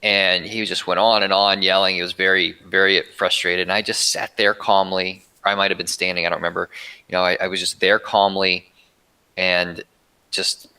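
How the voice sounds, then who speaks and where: A man as a podcast guest, telling a personal story in an earnest, reflective way with halting restarts. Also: low voice, level tone, pushed and bright, smooth, rough recording.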